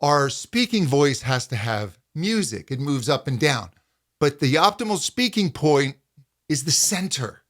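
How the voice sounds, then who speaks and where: At a measured pace, the middle-aged vocal coach calmly explains hums and pitch slides during a voice lesson and demonstrates them.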